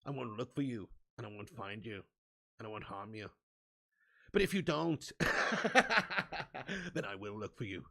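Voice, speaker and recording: A man putting on a poor Northern Irish accent to play a menacing older tough guy, speaking slowly and deliberately in a hushed, growling voice. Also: lowish voice, expressive, vocal fry, voice pushed down. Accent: Northern Irish, put on poorly. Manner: slow, deliberate, mock-threatening.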